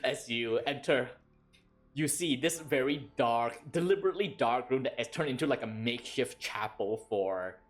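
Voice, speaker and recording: A man narrating a tabletop role-playing game as game master in a measured, calm way. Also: mid-range voice. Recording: faint background music.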